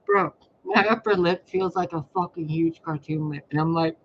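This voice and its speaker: A man's voice: on the high side, normal speed, highs cut off, a little hiss or hum. A man doing tarot readings, talking in a rambling, blunt way with a lot of swearing. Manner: profane, expressive, blunt. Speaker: tarot reader. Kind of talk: rambling casual monologue.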